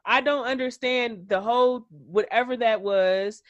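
A woman's voice: a little high, unhurried, few pauses, dry recording. A woman hosting a podcast, giving a blunt, profane, opinionated recap in casual chat. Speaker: podcast host.

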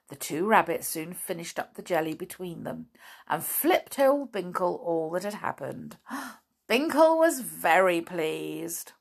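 A woman reads a children's story aloud at an easy, slow pace. Her voice rises and falls with lively, expressive inflection. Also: on the low side, vocal fry.

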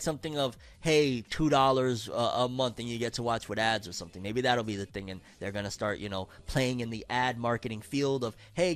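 A man with a fairly high voice hosts a casual commentary vlog. He talks in an animated, slangy way and keeps wandering off on tangents. The sound is dry and close. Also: no echo. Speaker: anime news video host.

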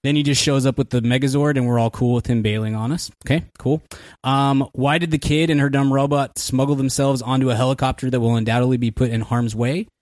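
A man's voice: mid-range voice, steady tone, darkish tone, no echo, clean studio sound. A man co-hosting a casual movie review chat, firing off sarcastic complaints. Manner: sarcastic, rapid-fire complaints. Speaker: podcast co-host.

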